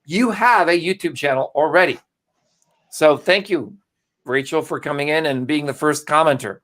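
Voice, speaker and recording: A man's voice: a little high, moderate pace. A man co-hosting a live marketing broadcast, talking casually and greeting viewers by name. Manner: animated, salesy, addresses viewers by name. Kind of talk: casual live-stream presentation.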